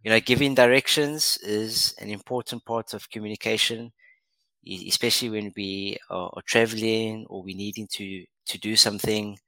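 Bright, encouraging male podcast co-host. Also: on the low side, fairly even intonation, no room sound, rough recording. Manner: encouraging, praises often, fills pauses with uh. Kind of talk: podcast lesson.

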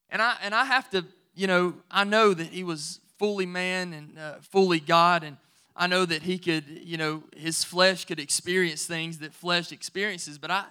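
Bright, high-voiced preaching man. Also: steady tone, moderate pace, clean tone. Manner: conversational, building to emphatic preaching. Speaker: pastor. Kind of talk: sermon.

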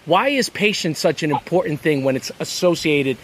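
A man's voice: fairly high pitch, expressive, normal speed, poor audio. A male interviewer who asks thoughtful questions and keeps the talk going with attentive "mm"s. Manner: attentive, backchannels with "mm".

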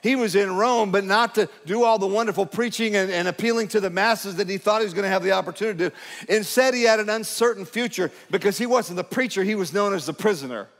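A man's voice: high-pitched, fast, a bit bright, in a large hall. A male pastor, preaching in a conversational, emphatic way to his congregation. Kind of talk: sermon. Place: church sanctuary.

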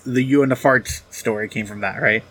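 Brief: male co-host, middle pitch, dry teasing interjections. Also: fairly even intonation, brisk, a bit bright, breathy edge. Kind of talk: casual chat.

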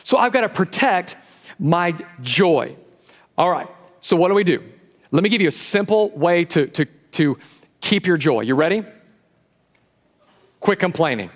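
Pastor, male, high voice, animated sermon delivery, long church reverb. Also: normal speed, long pauses. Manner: lively and animated, acting out quotes. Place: church sanctuary.

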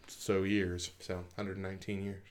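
A man with a somewhat low voice co-hosts a casual podcast chat. He reads numbers from a list, pausing often on "uh", then breaks off into relaxed comments of his own. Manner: reads figures from a list with frequent "uh" pauses, then comments informally. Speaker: podcast co-host. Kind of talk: casual podcast chat, reading statistics aloud.

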